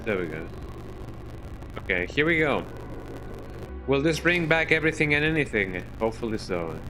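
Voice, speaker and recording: A man streaming a video game live, talking to himself in a worried, halting way and yawning now and then. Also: mid-range voice, very animated, music in the background. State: sleepy, yawning. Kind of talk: casual live gameplay commentary.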